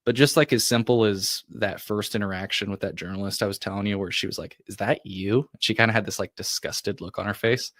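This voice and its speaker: A man's voice: fairly low pitch, steady tone, quick pace, hardly any pauses, fairly bright tone, no echo. A male podcast host telling a personal story in a casual, rambling way, full of "like" and restarts. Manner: rambling, heavy use of "like", frequent restarts.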